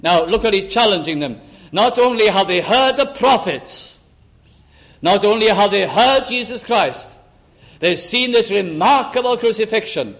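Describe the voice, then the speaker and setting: An older man preaching a sermon into a microphone, fervent, rising to emphatic exclamations and dropping to soft asides. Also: high-pitched, expressive, measured pace. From Lancashire, England. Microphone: amplified microphone.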